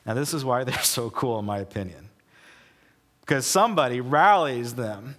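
A man preaching a casual sermon as pastor, telling the story in an animated way and acting out the people in it. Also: mid-range voice, normal speed. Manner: animated storytelling, acts out quoted voices. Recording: long hall reverb.

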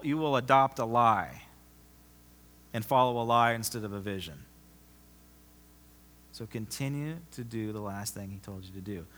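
Bright-voiced guy preaching a sermon, punchy, loud then quiet, big reverby hall. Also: medium pitch. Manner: emphatic, repeats phrases and restarts, swings loud then soft. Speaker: pastor. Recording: long reverb of a large hall.

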